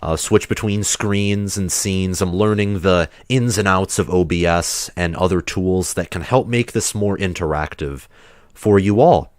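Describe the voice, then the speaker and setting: Male streamer host, deep voice, under the weather, rambling casual chat, dry close sound. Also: unhurried, no room sound. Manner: rambling, chatty, loose restarts. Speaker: livestream host.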